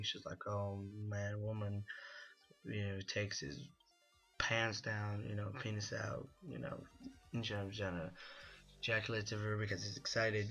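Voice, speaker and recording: Rambling young man with a bright voice. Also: lowish voice. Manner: rambling, full of "you know" and "like", laughs at his own story. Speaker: gaming video host. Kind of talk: casual storytelling over gameplay.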